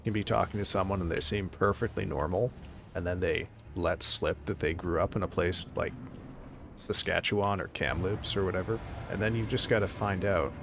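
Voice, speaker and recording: A man's voice: low voice, fairly even intonation, normal speed, vocal fry, a bit bright, slight background noise. Wry Canadian man streaming a game. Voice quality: wry, chatty, swears in jest. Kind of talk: casual live-stream chat while gaming. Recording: game music playing behind.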